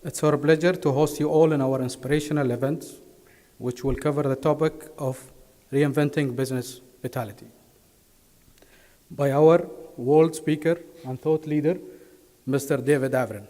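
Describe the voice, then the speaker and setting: A man hosting a corporate event, reading a formal, measured introduction of the speaker. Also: mid-range voice, fairly even intonation, dark tone. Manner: reads formally, careful and measured. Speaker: event host. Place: large conference hall. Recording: reverberant hall sound.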